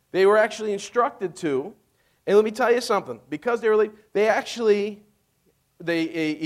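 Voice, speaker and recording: A man preaching a sermon, retelling a Bible story in a casual, joking way and asking "amen?". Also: high voice. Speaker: pastor.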